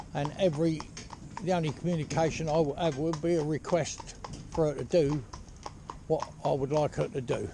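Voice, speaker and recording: A man talks easily from the seat of a horse-drawn carriage. He rambles and checks in with the listener as he goes. His voice sits a touch high for a man, with clear road noise and hooves clopping behind it. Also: mellow. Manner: easygoing, rambling, peppered with "you know" and "yeah?". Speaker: horse trainer and carriage driver. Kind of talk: casual spoken advice while driving. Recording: outdoor noise with hoof clip-clop.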